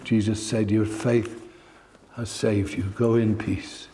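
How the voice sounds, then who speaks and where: A man's voice: fairly low pitch, flat delivery, takes it slowly, mellow, a little hiss or hum. A man preaching a sermon, telling stories in an earnest, heartfelt way.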